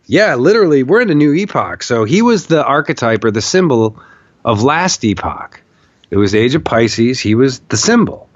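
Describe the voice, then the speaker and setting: A man's voice: mid-range voice, big pitch swings, moderate pace, no room sound. A man as a podcast guest, telling a story in an emphatic, profane way and repeating phrases for stress. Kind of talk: conversational storytelling. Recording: dull, muffled podcast audio.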